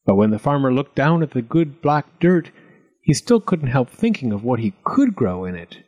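A man reading a storybook aloud with an expressive, lilting delivery. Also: mid-range voice, normal speed, muffled recording.

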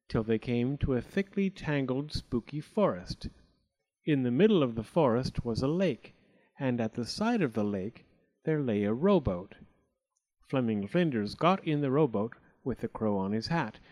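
A man narrating a storybook aloud in an expressive way, slipping into character voices. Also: mid-range voice.

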